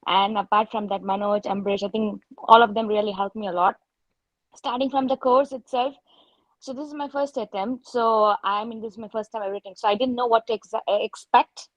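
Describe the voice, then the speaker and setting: At an informal online meet-up, a woman surgeon candidly tells stories about her exams, frequently correcting herself mid-sentence. Her slightly high voice is fairly even in intonation and a little fast, captured in a low-quality recording with no echo.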